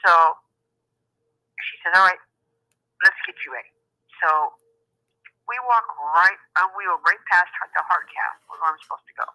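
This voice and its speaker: A woman's voice: on the low side, normal speed, pauses often, no echo. A woman caller telling a story in casual chat, acting out the people she quotes, heard over a phone line. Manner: animated, laughing, acts out quotes in many voices. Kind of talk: casual storytelling on a call-in show.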